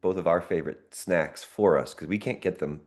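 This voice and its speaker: A man speaks as a podcast guest in casual chat. His voice sits very low, and he tells stories playfully and with enthusiasm. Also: fairly quick, a little mellow. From United States. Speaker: guest actor.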